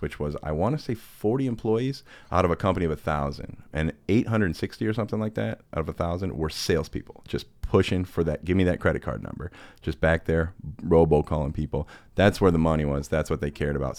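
Podcast host, young adult man, very low voice, dry close mic, playful storyteller. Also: no room sound. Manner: animated storyteller, laughs often, jokey asides. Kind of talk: casual chat.

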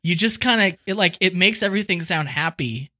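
A podcast co-host with a bright, sharp-edged voice. He chats casually, rambling through his stories with plenty of giggles. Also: high voice, brisk. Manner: giggly, rambling, animated storyteller. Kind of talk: casual chat.

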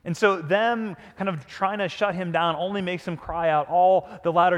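A man's voice: sits high, normal speed, hardly any pauses. Man preaching in an echoing hall. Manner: animated storytelling, often dropping to a hush. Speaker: pastor. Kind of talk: sermon.

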